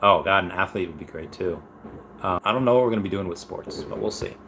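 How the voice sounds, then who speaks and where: A man's voice: low-pitched, quick pace, fairly bright tone, slight background noise. A man in his thirties hosting a casual live stream, chatty, reading viewer messages aloud and rambling from topic to topic. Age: 30s.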